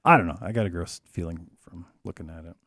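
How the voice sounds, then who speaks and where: Low, husky, laid-back man trailing off. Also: fast talker, fairly bright tone, dry recording, clean studio sound. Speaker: podcast co-host. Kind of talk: casual podcast chat.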